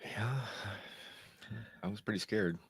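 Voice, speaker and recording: A man's voice: on the low side, takes it slowly, husky, dry recording. A man co-hosting a casual movie review podcast, wry and laid-back, laughing a lot.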